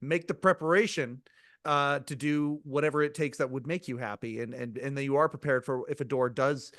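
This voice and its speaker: A man's voice: mid-range voice, fairly even intonation, a little fast, fairly bright tone. A man hosting a podcast, asking eager, wordy questions that repeat words and wander before they land. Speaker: podcast host. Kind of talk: casual interview.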